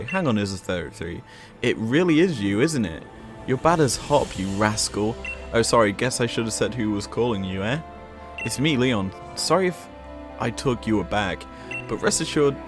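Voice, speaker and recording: A man's voice: lowish voice, close to an everyday voice. Upbeat young champ guy, read by a man, friendly phone call, game music behind.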